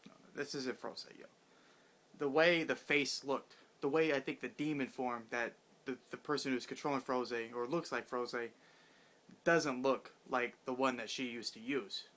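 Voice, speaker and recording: Dude hyped up reviewing a manga chapter, cussing nonstop, rambly and slangy. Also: male voice, mid-range voice, normal speed. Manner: excited, profane, rambling with slang.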